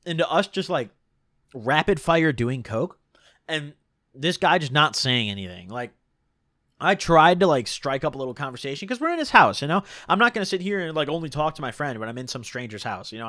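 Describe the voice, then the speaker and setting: A young man casually telling a long story, rambling and animated, full of "like" and "dude". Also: on the high side, fairly quick, dry recording, studio quality.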